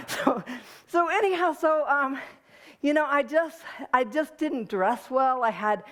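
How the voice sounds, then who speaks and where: A woman's voice: high-pitched, unhurried. Emotional, laughing woman giving a testimony. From United States. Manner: animated and emotional, laughs often, many restarts. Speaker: guest speaker. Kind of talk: personal testimony talk to an audience.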